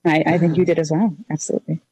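A woman with a very low, warm voice conducts a casual interview. She asks questions and encourages her guest often. The recording is dry and close. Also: little pitch movement, fast talker, breathy edge, no room sound. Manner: encouraging, with frequent affirmations.

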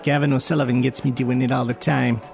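A man's voice: medium pitch, little pitch movement, fast, gravelly, darkish tone, soft background music. A man hosting a radio show, chatting casually and rambling with lots of fillers and restarts. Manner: rambling, self-deprecating, many fillers and restarts. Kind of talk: casual radio chat introducing tracks.

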